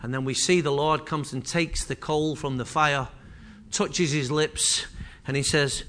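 A man's voice: on the high side, steady tone, a little slow, fairly bright tone. A man preaching a sermon with impassioned, repetitive delivery that swells and drops in intensity.

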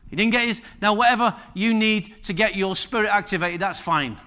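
Guy preaching a sermon, jokey and chatty with the crowd, high bright voice. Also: a little fast. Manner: humorous, conversational preaching with repetition and asides to the congregation. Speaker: pastor. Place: church service.

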